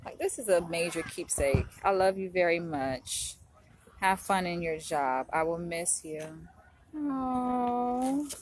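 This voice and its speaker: A woman's voice: fairly low pitch, measured pace, background noise. A young woman vlogger, teary after crying, talking casually and gushing emotionally. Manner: emotional, softly gushing, says "y'all" often. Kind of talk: casual vlog chat.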